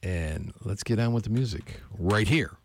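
A male radio DJ with a low, gravelly voice hosts a morning show from a small college studio. He talks in a relaxed, friendly way, sending shout-outs to listeners between songs. The sound is dry and close to the mic. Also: normal speed, dry recording. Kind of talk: laid-back radio show chat.

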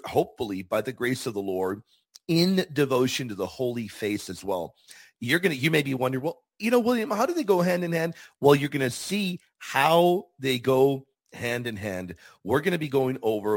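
Fervent, husky-voiced man hosting a devotional show. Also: mid-range voice. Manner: fervent, emphatic preaching with slowed stresses. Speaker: Catholic show host.

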